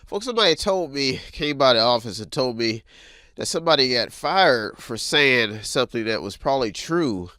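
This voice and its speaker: A man hosting a weekly headlines show, telling stories in a lively, animated way and acting out the voices of others. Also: mid-range voice, normal speed, dry recording. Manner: animated storytelling, acts out voices. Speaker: news show host. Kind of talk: casual news commentary.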